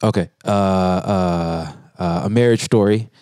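Laid-back slangy man, low voice. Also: fairly even intonation, a little slow, a little mellow, smooth, no room sound, studio quality. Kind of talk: casual podcast chat.

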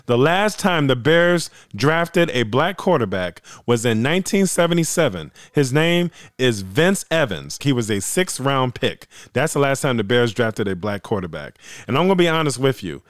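A man hosting his own sports podcast, talking excitedly and repeating himself for emphasis, a little hoarse. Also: medium pitch, moderate pace, few pauses, no room sound, clean studio sound. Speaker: podcast host. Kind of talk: solo sports podcast commentary.

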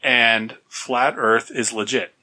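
Male podcast guest, deadpan one-liners, bright timbre. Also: mid-range voice, takes it slowly. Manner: joking, short dry interjections. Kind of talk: casual chat.

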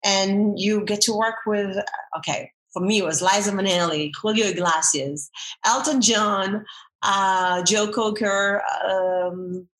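A middle-aged woman, a former dancer and army veteran, chatting as an interview guest with many restarts and animated storytelling. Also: mid-range voice, slow pace, echoey room, rough recording. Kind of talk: casual interview chat.

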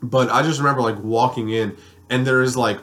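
Young dude on a podcast, mid-pitch voice, rambling and swearing through a party story. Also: male voice, steady tone, brisk, fairly bright tone, faint music behind. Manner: rambling, profane, filler-heavy storytelling. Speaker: podcast co-host. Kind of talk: casual storytelling chat.

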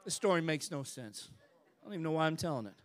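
A man preaching a sermon. He tells a story in a hushed, low voice, then builds to shouted, drawn-out climaxes. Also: expressive, dry recording.

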